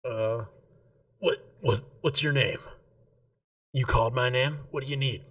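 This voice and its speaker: A man voicing a loud, boisterous male gnome weaponsmith who haggles over a sword in a tabletop game. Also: measured pace, recorded from a distance, lightly acted. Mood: gruff. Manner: booming, haggling, incredulous. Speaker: shopkeeper.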